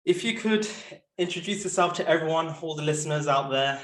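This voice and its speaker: A man's voice: a little high, fairly quick, a bit bright. A man with a Birmingham accent hosting a podcast, chatting animatedly and laughing often. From Birmingham, England. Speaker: podcast host. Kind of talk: casual interview chat. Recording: roomy echo.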